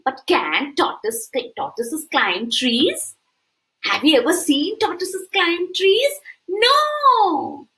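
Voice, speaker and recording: A woman preschool teacher reads a picture book aloud to young children in an animated way, often stopping to ask them questions. Her voice is extremely high and she goes slowly, and the audio is poor.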